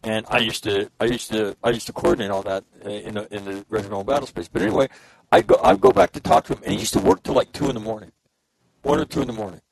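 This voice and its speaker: A man's voice: fairly low pitch, quick pace, vocal fry, rough recording. A man telling a war story in a casual chat, swearing freely and acting out the dialogue.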